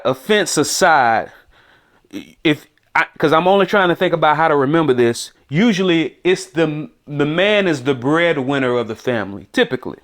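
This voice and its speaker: A man teaching beginner Spanish words on a podcast, thinking aloud and repeating words for listeners to echo. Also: fairly high pitch. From United States. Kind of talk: casual spoken lesson.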